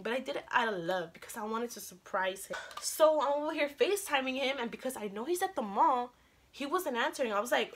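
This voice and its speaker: A young woman vlogger telling a story in casual chat, chatty and animated, acting out the lines she quotes. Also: fairly high pitch.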